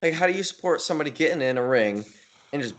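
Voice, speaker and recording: A man co-hosting a podcast, talking casually about bodybuilding and coaching with a relaxed, rambling manner and frequent restarts. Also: a little high, quick pace. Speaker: podcast co-host. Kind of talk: casual chat.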